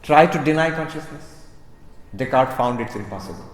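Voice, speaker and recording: A man's voice: medium pitch, lively intonation, normal speed. A man, a monk and spiritual teacher, giving an emphatic lecture to a live audience, repeating key phrases, challenging listeners directly and dropping in light humor. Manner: conversational, with occasional humor and asides to the audience. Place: large hall at a religious center. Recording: roomy, reverberant hall sound.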